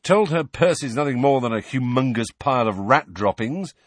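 A man's voice: mid-range voice, expressive, normal speed, dry recording, pitched above the performer's own voice, lightly acted. A man reading an audiobook and voicing a mischievous teenage wizard twin, wry and joking. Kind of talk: audiobook character voice.

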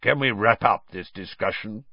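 A man voicing a gruff veteran male wizard with a growling voice. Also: lowish voice, moderate pace, no echo, lo-fi sound.

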